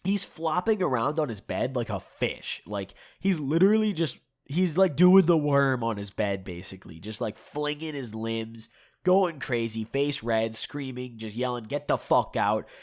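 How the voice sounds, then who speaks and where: A man's voice: mid-range voice, expressive, measured pace. A young man with a stuffed-up nose and sore throat, telling a rambling, profane story to his channel and chuckling often. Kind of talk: casual storytime.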